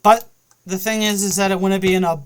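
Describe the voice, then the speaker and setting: A man with a voice pitched a little above most men rambles through an offhand monologue. He keeps it loose, circles back on himself, and checks in with the viewer now and then. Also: fairly even intonation, brisk, slight background noise. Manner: loose, filler-heavy, often checks in with "okay?". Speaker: vlogger.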